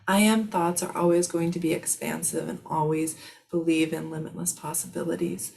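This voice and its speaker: A middle-aged woman with a low, gravelly voice answers spiritual questions in a soothing, reassuring way. She often drops to a soft whisper. A faint background hum sits under her. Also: level tone, moderate pace. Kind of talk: live spiritual Q&A.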